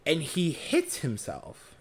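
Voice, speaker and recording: Co-hosting a podcast, a young adult man relates a story in a casual way, cursing frequently and performing the lines he quotes. He takes it slowly, his fairly high, husky voice swinging hugely in pitch.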